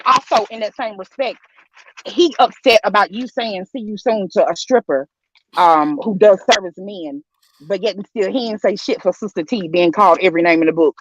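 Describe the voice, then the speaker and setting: A woman's voice: mid-range voice, moderate pace, dry recording, highs cut off. A woman co-hosting a reaction show, agreeing with the host and making pointed remarks. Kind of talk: casual reaction commentary.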